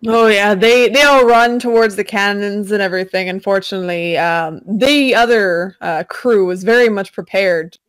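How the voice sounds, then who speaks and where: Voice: medium pitch, steady tone, normal speed, few pauses, a bit bright, clear, resonant tone, no echo. A game master casually narrating a tabletop pirate battle for players. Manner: casual, describing action with fillers.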